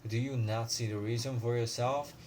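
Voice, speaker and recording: A man reading aloud as a withdrawn, stubborn young male copyist, speaking flatly and indifferently. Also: mid-range voice, normal speed, a little hiss or hum, natural voice. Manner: flat and indifferent.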